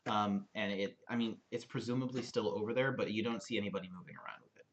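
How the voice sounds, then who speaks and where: A man's voice: lowish voice, fast talker, highs cut off. A young man running a tabletop game as dungeon master, narrating the scene loosely with many fillers.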